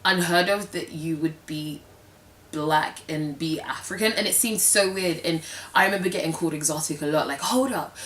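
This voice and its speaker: A woman's voice: low voice, normal speed, a bit bright. A young British woman talking casually and frankly to camera, full of fillers and quoted asides. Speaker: vlogger. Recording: roomy sound from a distance.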